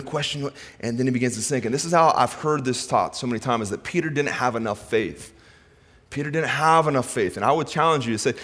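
A male pastor preaching a sermon, impassioned, swinging between loud, urgent preaching and hushed asides. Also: mid-range voice, a little fast. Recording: reverberant hall.

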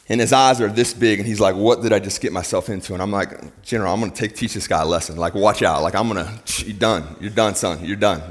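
A middle-aged male pastor preaching a sermon, telling a story in an animated way and building to loud, emphatic peaks. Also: medium pitch. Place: church sanctuary. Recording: long hall reverb.

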